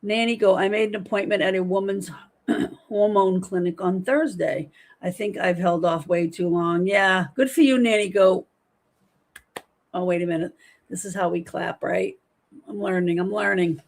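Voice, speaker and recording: Middle-aged woman, livestream host, chatty and animated, reads comments aloud. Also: medium pitch, moderate pace. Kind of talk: casual livestream chat reading comments.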